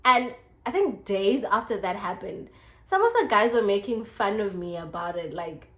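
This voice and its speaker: A young South African woman telling a casual story, chatty and expressive, full of "like" fillers. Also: a little high, moderate pace. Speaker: YouTuber. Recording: echoey room.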